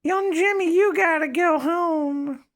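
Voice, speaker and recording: A man putting on the voice of an old grandmother scolding a boy, in a high falsetto. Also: takes it slowly, a bit bright, full character voice.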